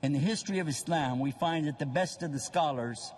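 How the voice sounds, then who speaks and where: Older male preacher, high voice, animated sermon, mimics people for laughs. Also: a little fast, slightly rough, in a large hall. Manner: animated, acts out voices of others for humor. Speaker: Islamic preacher. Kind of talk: lively religious lecture.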